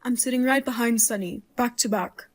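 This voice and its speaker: A woman's voice: fairly high pitch, normal speed, natural voice. A woman voicing a blunt, outraged mother-in-law who jokes darkly and talks sharply. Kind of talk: dramatized story voice-over.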